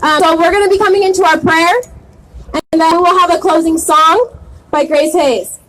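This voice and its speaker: A woman's voice: very high-pitched, steady tone, normal speed, fairly bright tone, poor audio. A woman organizing a vigil, giving the crowd instructions outdoors, often restarting her sentences and checking that they follow. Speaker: event organizer.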